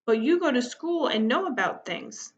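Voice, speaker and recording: A woman's voice: a little high, sing-song, normal speed, slight background noise. A woman reading the part of an elderly grandfather who coaxes and pleads, mixing in Spanish phrases, in a storybook read-aloud. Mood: coaxing. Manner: coaxing, slips in Spanish phrases. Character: elderly Mexican-American grandfather, hopeful and pleading. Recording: muffled lo-fi recording.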